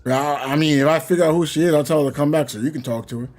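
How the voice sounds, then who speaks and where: A young gaming streamer with a slightly high voice who can't stop laughing at his own stories. He rambles in a loose, casual way. Faint game music plays quietly behind him. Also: very fast. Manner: laughs a lot, giggly and rambling.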